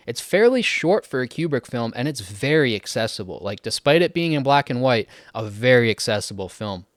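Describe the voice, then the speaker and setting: A man's voice: fairly low pitch, no room sound, studio quality. A man talking casually and eagerly about films he loves, with frequent likes and ums as he goes. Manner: chatty and enthusiastic, many likes and ums. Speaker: film list channel host. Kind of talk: casual film review talk.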